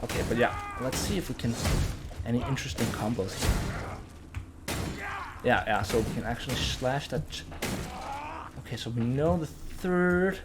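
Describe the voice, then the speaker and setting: A man giving casual gameplay commentary as a channel host, thinking aloud, getting excited and swearing now and then. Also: medium pitch, normal speed, pauses often, background noise.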